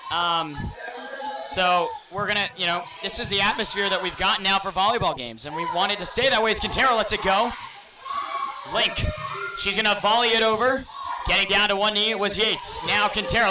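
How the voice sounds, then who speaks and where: Male play-by-play caller, high voice, fast raised calls, voice wearing thin; mic far off, noisy crowd behind. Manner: rapid, raised play-by-play calling. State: losing his voice. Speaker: play-by-play announcer. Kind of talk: live sports commentary. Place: school gym broadcast booth. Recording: distant mic, loud crowd noise. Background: loud cheering crowd.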